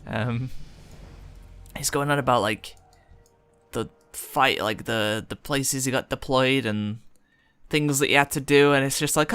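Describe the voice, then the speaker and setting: A young man tells a rambling story in a loose, chatty way, full of fillers. His voice is forceful and bright, and the sound is dry and close. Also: mid-range voice, a little slow, pauses often, clear, resonant tone, no room sound, soft background music. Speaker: streamer. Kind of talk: casual storytelling while gaming.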